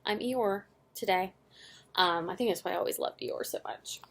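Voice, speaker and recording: A young woman giving a casual motivational recap to her sales team, earnest and animated, often laughing at herself and using many fillers. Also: mid-range voice, normal speed, creaky. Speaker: direct sales team leader.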